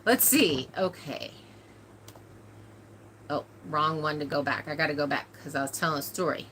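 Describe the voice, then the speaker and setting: A woman hosts a casual livestream, chatting with her viewers and telling stories in a talkative way with frequent laughter. Her voice sits a little low but sounds bright and forceful. A faint hiss runs under it. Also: normal speed. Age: adult, older than a cousin nine years younger. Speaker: livestream host of a farm channel. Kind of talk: casual livestream chat, answering viewer comments.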